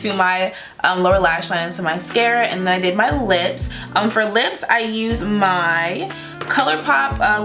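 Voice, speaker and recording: A young woman chatting casually through a makeup tutorial, playful and loose, with lots of fillers and small laughs. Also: medium pitch. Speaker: beauty vlogger. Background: guitar music.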